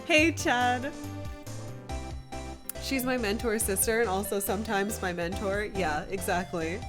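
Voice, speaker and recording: A woman's voice: mid-range voice, fairly even intonation, moderate pace. A young woman streaming a game, chatting casually in a self-deprecating way, with game music behind.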